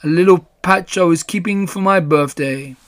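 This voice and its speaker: A man voicing a gloomy old male donkey in a storybook reading, with a slow, dragging delivery. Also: sits high, no echo, natural voice.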